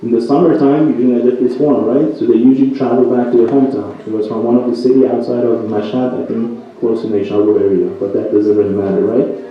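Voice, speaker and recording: A religious speaker gives a night sermon in a religious center hall, his medium-pitched voice steady in tone and quick in pace. He tells a story and keeps checking in with listeners by asking "right?", recorded with roomy echo, a distant mic, and dull sound.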